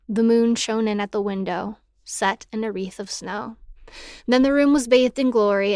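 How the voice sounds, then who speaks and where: A woman's voice: mid-range voice, no room sound, clean studio sound. A woman giving a dramatic poetry recitation in an impassioned, mournful and bitter manner.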